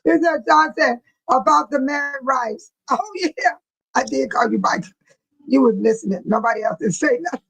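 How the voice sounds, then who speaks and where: A woman's voice: high voice, normal speed, gravelly, a bit bright, slightly rough, rough recording. A woman hosting a live stream, chatting casually with viewers and telling stories with frequent laughter. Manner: chatty, laughing often, colloquial storytelling.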